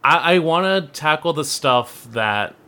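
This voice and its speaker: A man with a bright, forceful voice co-hosts a casual podcast. He tells stories in a playful, animated way. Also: a little high, measured pace. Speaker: podcast co-host, anime reviewer.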